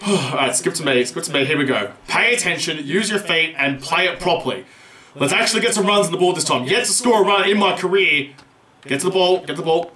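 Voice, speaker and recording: Excitable swearing young male gamer. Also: high voice. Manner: excitable, swears a lot, shouts at big moments. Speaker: gaming channel host. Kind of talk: live gameplay commentary. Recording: roomy echo.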